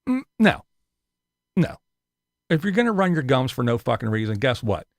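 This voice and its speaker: Speaking quickly with big swings in pitch, a YouTuber delivers an angry ranting vlog full of profanity. He mocks his critics by imitating them in a high, squeaky voice, and the audio is clean studio sound with no room tone.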